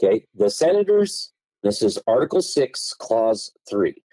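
A man's voice: fairly low pitch, sing-song, a little slow, dark tone, no room sound, rough recording. Emphatic man lecturing on law. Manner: emphatic, stresses key words with tone changes; reads legal texts aloud in a lecturing way. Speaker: podcast guest. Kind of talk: explaining law in a podcast conversation.

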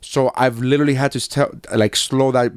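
A man's voice: medium pitch, a little fast, clear, resonant tone, no echo, studio quality. A man chatting casually on a podcast as a comedian, rambling and swearing freely. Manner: profane, rambling, animated. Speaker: podcast co-host and stand-up comedian.

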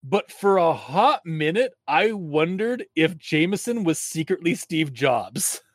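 A man co-hosting a casual chat, animated and laughing, with exaggerated reactions. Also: fairly high pitch, takes it slowly, no room sound, studio quality. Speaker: podcast co-host discussing a story. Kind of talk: casual chat with story readings.

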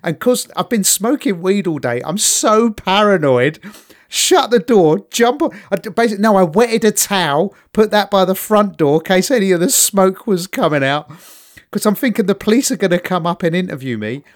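A middle-aged British man spins anecdotes in a loose, chatty way and jumps into loud impressions of the people in them. His voice sits on the higher side for a man. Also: normal speed. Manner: animated storyteller, acts out voices loudly. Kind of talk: casual chat, storytelling.

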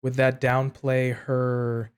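A man co-hosting a wrestling podcast, talking in a measured way and thinking aloud in casual chat. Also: medium pitch, monotone, smooth. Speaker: podcast co-host.

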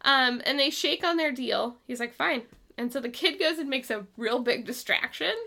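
A woman's voice: high voice, moderate pace, gravelly. A woman co-hosting a podcast, retelling an episode in casual chat with lots of laughs. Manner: laughing, animated retelling with quoted voices. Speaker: podcast co-host.

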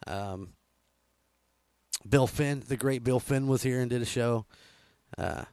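A man's voice: mid-range voice, takes it slowly, darkish tone, clear, resonant tone, no room sound. A man hosting a casual radio show from a studio, rambling with lots of fillers and chuckles. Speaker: radio host.

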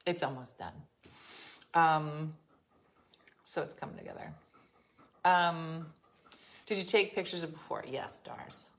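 Low-voiced woman chatting live from home. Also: takes it slowly, pauses often, a bit bright. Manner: chatty, storytelling, exasperated asides. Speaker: livestream host. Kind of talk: casual live chat with viewers. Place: her home, being renovated. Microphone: phone.

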